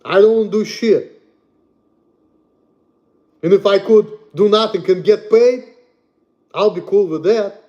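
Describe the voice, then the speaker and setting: A young man from Russia with a Russian accent, ranting bluntly and profanely on a livestream, repeating himself and swinging between loud and soft. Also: high-pitched, slow, pauses often, muffled recording. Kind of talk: casual rant to stream.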